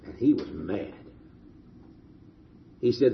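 A man preaches a sermon in a slightly high, husky voice, telling the story slowly and asking rhetorical questions. His pitch swings widely as he talks, and the recording sounds dull and lo-fi. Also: sing-song.

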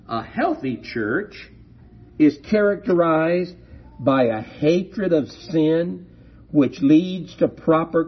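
A man preaching a sermon, slow and deliberate, leaning hard on key words. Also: medium pitch, slight background noise. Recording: dull lo-fi recording.

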